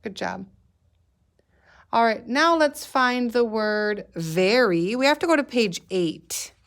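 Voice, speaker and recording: A woman's voice: a little high, expressive, takes it slowly, fairly bright tone. A woman teacher leading a guided reading lesson for young children, patiently sounding out letters and words.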